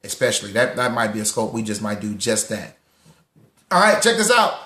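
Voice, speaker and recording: A young man hosting a live talk room on money, lively and preachy, repeating lines for emphasis and greeting listeners by name. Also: fairly low pitch, fairly quick, roomy sound. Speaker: host of a live social audio room on personal finance.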